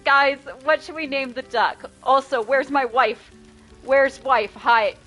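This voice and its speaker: A woman's voice: sits high, slow, sharp tone, faint music behind. A woman streaming a video game, chatting casually, swearing and laughing often. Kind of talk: casual gameplay commentary.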